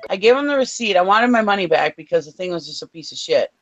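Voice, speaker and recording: A woman's voice: fairly low pitch, lively intonation, fast, dull audio, faint music behind. A woman co-hosting a casual show, telling an angry story with blunt swearing. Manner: fired-up storytelling, swears freely. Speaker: co-host. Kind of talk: casual chat.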